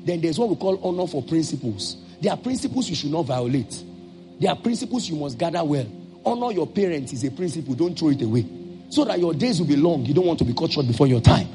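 A male pastor with a Nigerian English accent preaching a sermon, acting out little dialogues and breaking into sudden shouts. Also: fairly high pitch, very animated, quick pace, soft background music.

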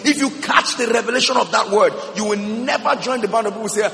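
A man pastor preaching an emphatic sermon, breaking into shouts and tongues, recorded in a church. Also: sits high, quick pace, gravelly. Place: church hall. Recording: reverberant church hall.

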